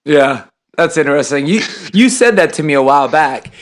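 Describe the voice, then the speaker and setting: A man's voice: on the high side, expressive, brisk. Talkative man telling stories. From Texas. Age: 30s. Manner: storytelling, acts out dialogue, laughs while telling. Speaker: podcast host and high school football coach. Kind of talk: casual podcast conversation.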